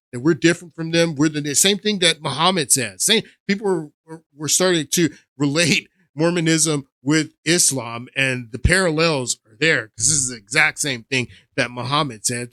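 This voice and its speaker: A man's voice: on the high side, sharp tone, dry recording, clean studio sound. A man hosting his own podcast, giving emphatic, repetitive opinion commentary with many restarts. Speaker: podcast host.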